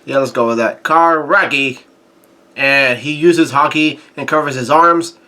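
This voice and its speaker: Halting man reading a comic chapter aloud. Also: mid-range voice, sharp tone. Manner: halting, with frequent restarts and fillers. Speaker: manga reviewer.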